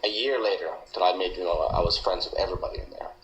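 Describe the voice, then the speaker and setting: A man from Malaysia gives an earnest, emphatic account, circling back and repeating himself as he talks. His voice sits low. The recording is roomy and echoey, with a faint hiss underneath. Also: fast talker, fairly bright tone, dull audio. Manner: earnest, emphatic, often repeats and restarts words. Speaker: interviewee, former coworker. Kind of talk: recorded interview testimony.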